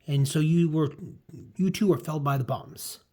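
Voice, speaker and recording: A man's voice: fairly high pitch, normal speed, warm tone, natural voice. A man reading a stilted, solemn priestess. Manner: stilted, formal. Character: solemn temple priestess, young woman.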